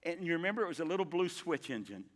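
An older pastor preaching a sermon with a folksy storyteller's manner and dramatic pauses. His voice sits a little high for a man and rings through a long church reverb. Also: sing-song. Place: church sanctuary.

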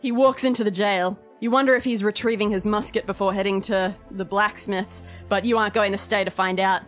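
A woman's voice: mid-range voice, fairly even intonation, fairly quick, faint music behind. A woman narrating a tabletop game as game master, in a descriptive, playful way.

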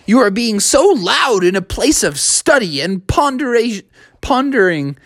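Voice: mid-range voice, very animated, measured pace, a bit bright, no echo, studio quality, voice pushed up, exaggerated voice. A storyteller voicing a fussy, strict male schoolteacher who scolds in a wordy way. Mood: scolding. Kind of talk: storytelling for children.

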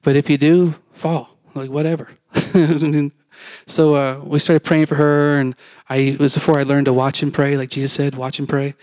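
A man's voice: fairly high pitch, level tone, normal speed, a little mellow, no echo. Rambling conversational preacher man, dry sound. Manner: conversational, rambling with fillers and acted-out quotes. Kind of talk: testimony sermon storytelling.

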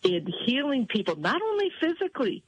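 A woman telling stories in casual chat, animated, jumping up in pitch when she quotes others. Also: fairly quick, slightly rough, muffled recording. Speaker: guest.

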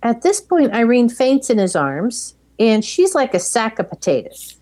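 A woman's voice: on the high side, big pitch swings, measured pace, warm tone. A woman chatting casually, summarizing a film's plot step by step. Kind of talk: casual chat retelling a film.

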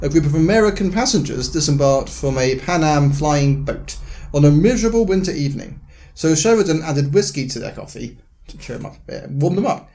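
A man's voice: on the high side, expressive, a little fast, hardly any pauses, mellow. A man co-hosting a podcast, joking playfully and reading out bits of trivia in casual chat. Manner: playful, jokey, reads out trivia. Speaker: podcast co-host.

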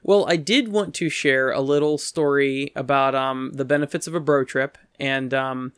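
A man's voice: normal speed, fairly bright tone, clear, resonant tone, no echo, studio quality. A man telling a rambling story in casual chat, breaking into quoted voices now and then. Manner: rambling, acts out quoted voices with pitch jumps.

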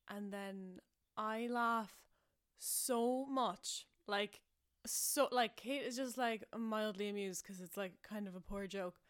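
A woman's voice: mid-range voice, fairly even intonation, a little slow, clear, resonant tone. A young Irish woman hosting a podcast, telling stories in a chatty, self-mocking way, with lots of fillers and frequent laughs. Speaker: podcast host. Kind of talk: casual storytelling podcast.

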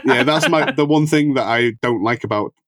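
A man's voice: mid-range voice, normal speed, a bit bright, dry recording. A man co-hosting a casual film podcast, talking through scenes and performances in detail. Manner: analytical, enthusiastic about film details. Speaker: podcast co-host.

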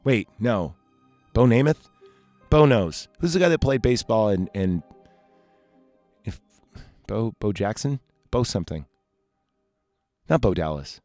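Male podcast host, low voice, casual and profane, rambles and self-interrupts; faint music underneath. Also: expressive, measured pace, pauses often, darkish tone, no room sound. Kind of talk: casual rambling movie talk.

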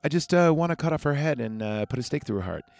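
A man's voice: on the high side, expressive, fast talker, creaky, darkish tone, dry recording, pitched above the performer's own voice. A man voicing a giddy older male vampire hunter in a gleeful, theatrical way, in a podcast retelling.

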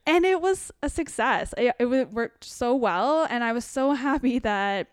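A middle-aged woman telling her story as a podcast guest, animated and expressive, sometimes emotional. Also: on the high side, unhurried, smooth, dry recording, studio quality. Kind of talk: casual storytelling.

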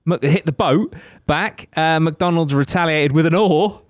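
A man's voice: fairly high pitch, unhurried, no echo, studio quality. A young man co-hosting a podcast, chatting casually and swearing a lot as he reads out facts. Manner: sweary, animated, jokey. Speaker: podcast co-host. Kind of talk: casual chat, reading out facts.

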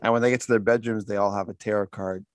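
A man's voice: fairly low pitch, steady tone, fast, no echo. A man co-hosting a casual podcast about comics, often agreeing and retelling scenes with animation. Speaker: podcast co-host. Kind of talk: casual comic-book discussion.

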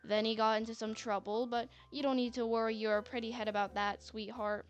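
A man's voice: high voice, flat delivery, a little fast, close to an everyday voice. Lady putting on a sleazy grinning fedora guy, accent all over the place, little music behind. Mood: smarmy. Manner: shifting, confused accent. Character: sleazy grinning man, about thirty, in a fedora. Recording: faint music bed.

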